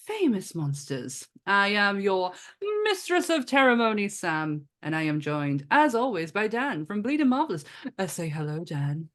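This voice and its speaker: A woman's voice: medium pitch, sing-song, moderate pace. A woman with a northern English accent hosting a podcast, playful and chatty. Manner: playful and chatty, laughs often. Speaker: podcast host. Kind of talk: casual podcast chat.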